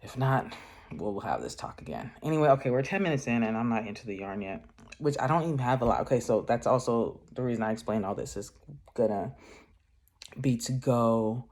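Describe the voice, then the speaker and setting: Man, mid-pitched, casual craft vlogger; rambling delivery, heavy on fillers, laughs easily. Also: lively intonation, brisk, a little mellow. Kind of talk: casual chatty vlog.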